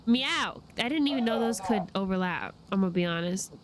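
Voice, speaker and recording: Excitable young woman streaming a game. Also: medium pitch, fast talker, a crowd in the background. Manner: chatty, excitable, laughs often. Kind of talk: casual gameplay chat. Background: game music.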